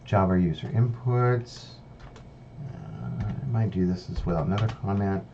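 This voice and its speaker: A man's voice: deep voice, unhurried. A man teaching a programming lesson over a screen recording, explaining step by step and thinking aloud with fillers and restarts. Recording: slightly dull lo-fi audio with faint hiss.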